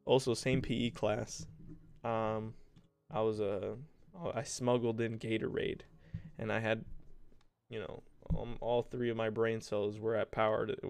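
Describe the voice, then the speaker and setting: A young man with a lowish, creaky voice that is clear and resonant hosts his own podcast from a home desk mic. He rambles through childhood stories, profane and self-mocking, in a casual storytelling style.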